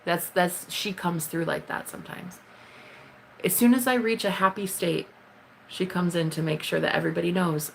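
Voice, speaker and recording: Woman livestreamer, low gravelly voice, blunt, swears freely, jumps up high to greet viewers. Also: moderate pace, fairly bright tone, a little hiss or hum. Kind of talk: casual live-stream chat with viewers.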